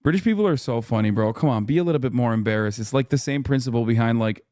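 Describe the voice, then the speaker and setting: A man's voice: medium pitch, quick pace, hardly any pauses, a little mellow, no echo, clean studio sound. A man streaming casual reaction commentary in a sarcastic, rambling way. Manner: sarcastic, rambling, riffing on chat.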